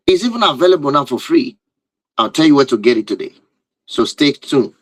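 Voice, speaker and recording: A man's voice: mid-range voice, lively intonation, a little fast, no echo, rough recording. A man speaking as a relationship teacher who addresses his viewers in an emphatic, repetitive lecture and often asks rhetorical questions. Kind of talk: lecture-style talk to viewers.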